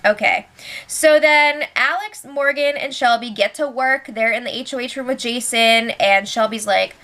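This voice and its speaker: Woman host, bright and slightly high voice, chatty opinionated recap with quick asides. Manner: chatty and opinionated, acts out quotes. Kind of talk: casual spoiler recap.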